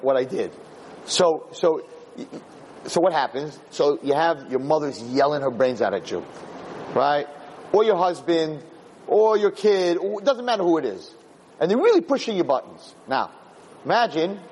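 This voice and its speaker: A man, a rabbi, giving an informal Torah class, animated and rambling as he searches aloud for the right word. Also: medium pitch, slight background noise, rough recording.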